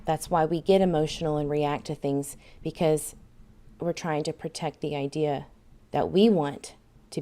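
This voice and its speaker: Woman podcast host, low voice, frank and blunt, casual delivery. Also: creaky, warm tone. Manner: frank, blunt, occasional swearing. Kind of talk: casual commentary.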